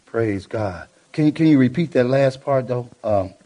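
A man's voice: medium pitch, expressive, moderate pace, mellow. A man preaching a sermon in a folksy, exclaiming way. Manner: folksy, exclaiming, prone to laughter.

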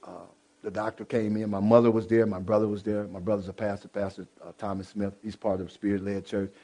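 A middle-aged man from Illinois telling his personal testimony to an audience, animated, swinging from loud bursts to low, quiet asides, with many restarts. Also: fairly quick. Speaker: speaker giving a personal testimony. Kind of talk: spoken testimony to a live audience.

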